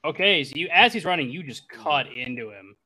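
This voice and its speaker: A man's voice: fairly high pitch, animated, brisk, bright, forceful tone. A young man narrating as game master, talking loosely with lots of fillers and laughing easily.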